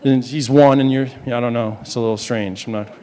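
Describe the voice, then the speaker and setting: A man's voice: mid-range voice, steady tone, fairly quick, dark tone, a little hiss or hum. A man from New Hampshire working as a stage hypnotist, chatting with volunteers in loose, rambling patter full of restarts, recorded live in a large campus hall. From New Hampshire, USA. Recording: live hall with long reverb.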